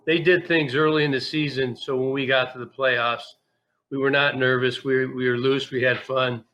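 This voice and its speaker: A man recalling his playing days in a relaxed interview. His voice is bright and forceful. He tells it candidly, in a folksy way, stumbling over restarts as the memories come. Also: mid-range voice. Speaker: guest, former pro ballplayer. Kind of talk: casual interview storytelling.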